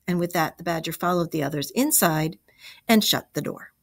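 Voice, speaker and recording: A woman teacher reading a storybook aloud to a class, expressive, with chatty asides. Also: sits low, moderate pace.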